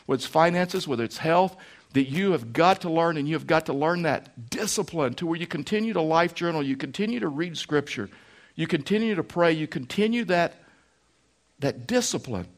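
A man's voice: on the high side, lively intonation, normal speed. A man preaching a sermon as a pastor, telling stories in a folksy way and repeating phrases for emphasis.

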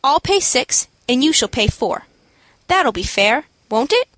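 A woman's voice: sits high, big pitch swings, a little slow, fairly bright tone, dry recording, full character voice. A woman reading the part of a generous former street boy who talks eagerly in slang.

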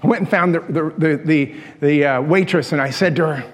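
High-voiced older pastor preaching. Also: male voice, fairly quick. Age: 60s. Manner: folksy, self-deprecating, chuckles while telling stories. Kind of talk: storytelling sermon. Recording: long reverb of a large church hall.

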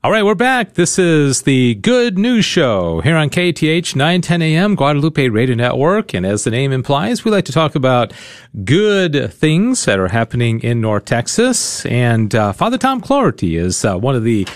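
A man's voice: mid-range voice, sing-song, normal speed, dry recording. A man hosting a live radio talk show, joking with his co-hosts and speaking with frequent fillers into a studio microphone.

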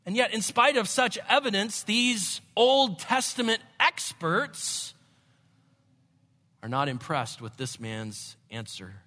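A man preaching a sermon, expressive, moving between hushed and emphatic delivery. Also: high-pitched, slow pace. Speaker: pastor. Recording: long hall reverb.

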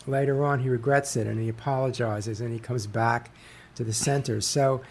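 A man talks in a relaxed interview, his voice carrying a gravelly rasp. He halts often, restarting sentences and filling pauses with ums and uhs as he works through an idea. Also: mid-range voice, slight background noise. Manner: halting, many fillers and restarts. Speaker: author guest. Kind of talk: interview conversation.

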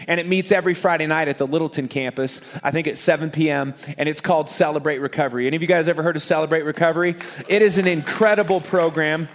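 A man, a pastor preaching to a live church congregation, joking and lively with the crowd and turning quiet and earnest when he prays. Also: fairly high pitch, fast. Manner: energetic, joking crowd warm-up, then quiet earnest prayer. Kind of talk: sermon.

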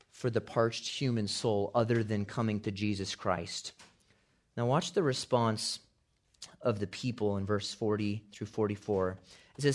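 Man preaching a rising, shouted sermon. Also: fairly low pitch. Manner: preaching with big swells, shouting quotes at climaxes. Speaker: pastor.

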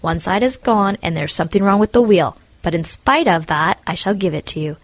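A woman's voice: on the low side, expressive, brisk, no echo. A woman voicing a smug, preachy miller. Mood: scheming. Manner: preachy, sanctimonious about friendship. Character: selfish, smug, self-serving male miller. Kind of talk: storybook reading.

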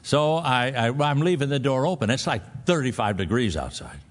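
A man's voice: mid-range voice, expressive, moderate pace. A male pastor preaching a sermon, telling a folksy personal story and then pressing his point with emphatic exhortation.

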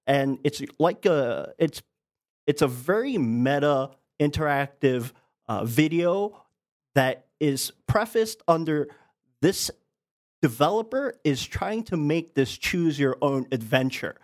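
A man co-hosting a podcast in casual chat, explaining things haltingly and restarting as he searches for words. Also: on the high side, expressive. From United States. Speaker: podcast co-host.

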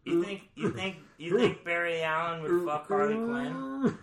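A man's voice: high voice, animated, a little slow, reverberant, crowd noise. A man in casual, profane banter about comic books, jokingly acting out the characters. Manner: profane, jokey, acts out characters mockingly. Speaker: comic book discussion co-host.

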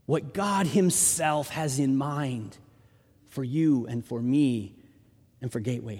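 A man preaching a sermon with animated storytelling, his voice rising into shouts when he acts out the people in the story. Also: on the high side, husky. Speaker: pastor. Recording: long hall reverb.

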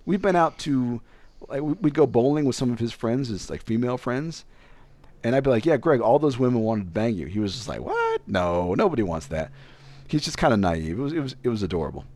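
A man's voice: medium pitch, brisk. A young man telling a casual story, acting out other people's lines as he goes. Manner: animated, acts out other people's voices.

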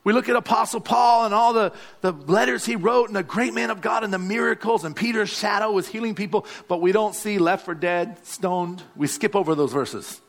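A man's voice: high voice, normal speed, few pauses. A male pastor, preaching a sermon and calling out to the congregation. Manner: exhorting, calls out to the congregation.

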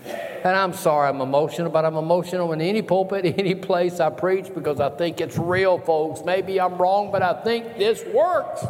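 A man's voice: sits high, moderate pace, a little hiss or hum. A man preaching an emotional sermon as a guest preacher, repeating words in a rising and falling emphatic cadence. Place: church sanctuary. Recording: long church reverb, faint ambience.

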